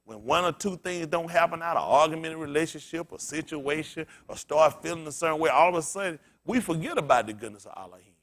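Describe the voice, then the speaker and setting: A male pastor preaching in an easygoing, conversational way, with a voice that sits a little high for a man. He tells stories and throws rhetorical questions at the congregation, climbing to loud excited peaks and then sinking to near-murmurs. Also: quick pace, hardly any pauses. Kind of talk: sermon.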